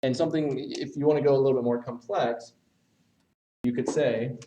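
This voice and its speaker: A man's voice: mid-range voice, fairly even intonation, moderate pace, mellow, distant mic, slight background noise, poor audio. Guy teaching essay writing, talks while writing on the board, stops n fixes himself a lot. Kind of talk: recorded writing lesson.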